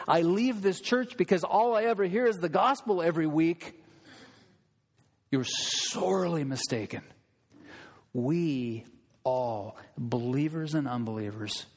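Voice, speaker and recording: A man preaching a sermon in a church, emphatic and impassioned, building his points with repetition and rhetorical questions. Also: fairly high pitch. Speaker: pastor. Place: church sanctuary. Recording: long reverb of a large hall.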